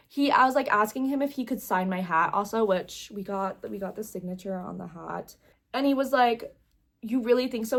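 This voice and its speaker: Gushing young woman vlogger. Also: medium pitch. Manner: gushing, rambling with many "like"s. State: close to tears at times. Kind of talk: casual vlog storytelling.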